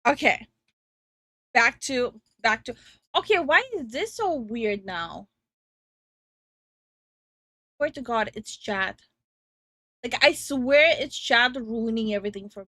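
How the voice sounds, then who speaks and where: A woman's voice: on the high side, lively intonation, slow, pauses often, bright, forceful tone, no room sound, clean studio sound. A young woman chatting casually on a stream, giggly and teasing. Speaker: streamer and co-host.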